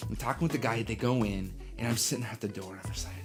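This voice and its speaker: A young man hosting a casual live stream, telling an animated story and acting out the people in it, sometimes dropping to a hushed aside. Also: lowish voice, fast talker, few pauses, music in the background. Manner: animated, acts out voices in his story, drops to hushed asides. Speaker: coffee livestream host.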